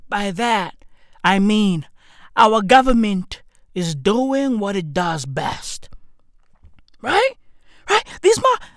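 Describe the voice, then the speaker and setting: A young South African man rants to camera in a high, bright voice that leaps all over the place. He talks slowly and deliberately, cursing and breaking into shouts. The sound is close and dry. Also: no echo. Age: young adult. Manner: animated, profane, often shouting and laughing. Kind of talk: ranting comedic monologue.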